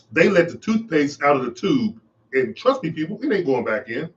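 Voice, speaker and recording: A man's voice: fairly high pitch, big pitch swings, a little slow, highs cut off. Impassioned man preaching on a podcast. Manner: impassioned, preachy, repeats phrases. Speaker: podcast host. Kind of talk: monologue commentary.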